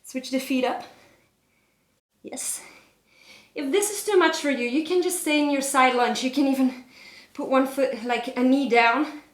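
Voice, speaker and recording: A high-voiced woman leads a yoga flow while doing it herself, out of breath and encouraging. She speaks slowly and calmly between poses. The room has a roomy echo. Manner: encouraging, breathy cues with light laughter. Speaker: yoga instructor. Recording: echoey room.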